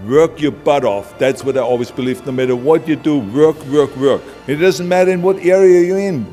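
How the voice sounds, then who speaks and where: A fairly quick, mellow voice on the high side belongs to a man with an Austrian accent giving a punchy, blunt motivational speech. Background music sits beneath a long hall reverb.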